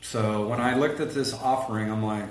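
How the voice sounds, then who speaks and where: A man tells a story in a relaxed interview, animated and a bit rough around the edges, playing every part in his quotes. His voice sits at a middle pitch. The room is roomy and echoey, with a faint hiss behind. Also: normal speed. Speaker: guest, collision shop executive.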